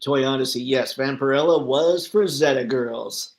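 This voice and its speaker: A man hosting a casual livestream, reading viewer comments aloud and riffing on them, thinking out loud as he browses online listings. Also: medium pitch, animated, moderate pace, hardly any pauses. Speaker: livestream host. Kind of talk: casual live chat.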